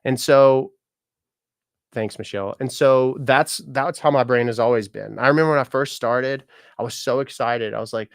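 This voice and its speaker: A man's voice: mid-range voice, moderate pace, smooth, dry recording, studio quality. A man in his thirties, a musician and content creator, chatting casually on a live stream, joking, laughing and greeting viewers by name. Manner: chatty, jokey, speaks to viewers by name, laughs often, swears.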